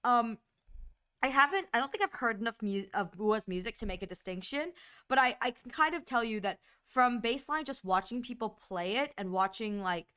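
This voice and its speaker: A woman's voice: a little high, expressive, moderate pace, bright, forceful tone, clean tone. A woman streamer chatting casually on a livestream, rambling with lots of fillers and acting out her own reactions in quoted asides.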